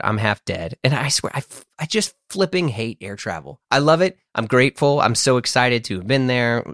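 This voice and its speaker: A man's voice: lowish voice, fairly bright tone, no echo, clean studio sound. Rambling self-mocking man. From United States. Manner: rambling, self-deprecating, full of fillers and restarts. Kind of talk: casual storytelling.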